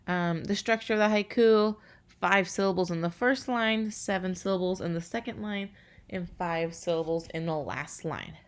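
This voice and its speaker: Lower-voiced teacher, casual and halting. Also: female voice. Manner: casual, filler-heavy, slows to count syllables aloud. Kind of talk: recorded online class lesson.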